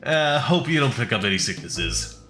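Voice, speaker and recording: A man talks through his game stream in a loose, wry way, drifting into exasperated rants. His pitch sits at a middling level for a man. Game music plays clearly behind his voice. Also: very animated, bright, forceful tone. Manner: chatty, wry and quick to rant. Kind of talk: casual gameplay commentary.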